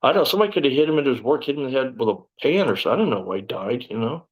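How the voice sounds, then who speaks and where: A man, an interview guest telling his story in blunt, profane conversation and bursting out loudly when he quotes himself. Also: mid-range voice, lively intonation, rapid-fire, rough recording. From Texas, USA.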